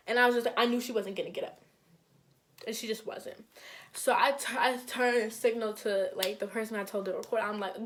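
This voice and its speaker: A young woman from Minnesota, casually telling a personal story to camera, animated and full of "like", acting out what people said. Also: on the high side, moderate pace. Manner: animated, heavy use of "like", acts out quotes. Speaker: storytime vlogger.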